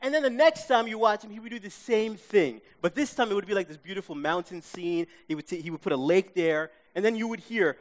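A man from Queens, telling an animated story to a live audience, acting out his own reactions and checking in with listeners. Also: high voice, a little fast, hardly any pauses. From Queens, New York. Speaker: speaker.

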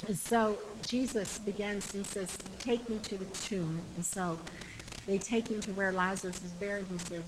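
A woman preaching a sermon with passion, repeating phrases and shouting the climactic lines. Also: medium pitch, steady tone, moderate pace, background noise.

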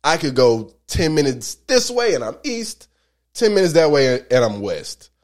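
A man from Nashville with a Southern accent jokes his way through casual chat. His pitch leaps and dips all over the place, and he laughs often. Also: sing-song, measured pace. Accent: Southern US, Nashville area. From Nashville, Tennessee.

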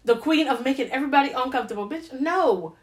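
A woman in casual chat, blunt and animated, with a lot of profanity. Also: high-pitched, fast.

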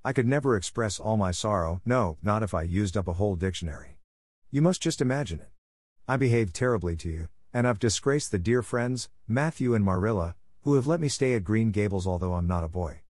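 A man's voice: fairly low pitch, expressive, brisk, a little mellow, no room sound, clean studio sound. A man voicing an imaginative, dramatic young orphan girl who pleads earnestly and theatrically. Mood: pleading. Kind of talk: audiobook character reading.

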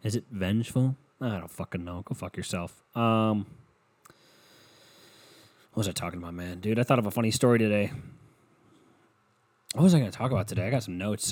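A man's voice: lowish voice, fairly quick, pauses often, a little mellow, dry recording. A young man hosting his own podcast, rambling and swearing casually with self-mocking humor, speaking into a headset at home. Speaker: podcast host. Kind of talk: casual solo podcast rant.

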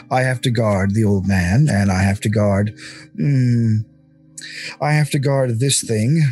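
A man voicing a gruff, weary male talking guard dog, curt and dismissive. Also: mid-range voice, a little mellow, lightly acted.

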